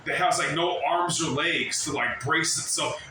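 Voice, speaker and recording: A man ranting casually to the camera at work, rambling and swearing as he mimics other people's shouts. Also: a little high, measured pace, far from the mic, background noise. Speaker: vlogger. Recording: very echoey, from off the mic.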